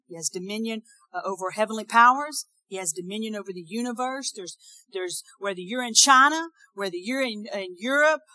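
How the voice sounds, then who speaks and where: A woman preaching a sermon, swinging between shouted declarations and soft conversational asides. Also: medium pitch, dry recording. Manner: acts out quoted voices with laughs.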